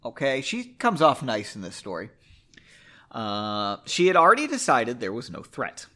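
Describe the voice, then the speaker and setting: A man's voice: medium pitch, huge pitch swings, moderate pace, pushed and bright. A man hosting a podcast who reads a story aloud and keeps breaking off into sarcastic, self-mocking asides. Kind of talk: story reading with joking asides.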